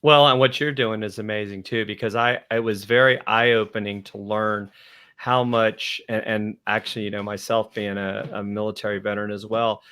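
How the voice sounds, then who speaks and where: A man's voice: on the low side, fairly even intonation, moderate pace, pushed and bright, clear, resonant tone. A man co-hosting a talk show, speaking in an upbeat, enthusiastic, casual way. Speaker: co-host. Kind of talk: casual chat.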